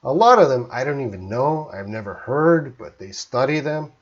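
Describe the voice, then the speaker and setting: Male English teacher from Canada, live Q&A, slow and deliberate, mid-pitched, slightly muffled stream audio. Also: big pitch swings, slightly rough. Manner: slow, careful, reads out viewer questions. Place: home in Korea, live stream.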